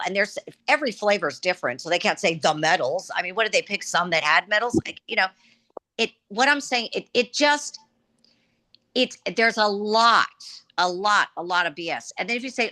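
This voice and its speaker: A woman ranting emphatically in a casual discussion, her throat rough and catching, with frequent "okay?" tags. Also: medium pitch, lively intonation, fairly quick, bright, forceful tone.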